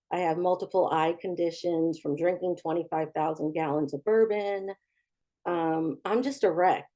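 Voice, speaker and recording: A woman's voice: lowish voice, dark tone. A middle-aged woman giving a candid, humorous personal recovery testimony, acting out the voices of the people in her story. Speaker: recovery speaker.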